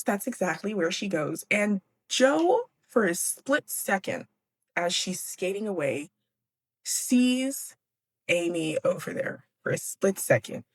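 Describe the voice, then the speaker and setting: A woman's voice: mid-range voice, husky, no echo. Chatty, profane young woman recapping a book. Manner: chatty, profane, laughs often. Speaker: podcast host.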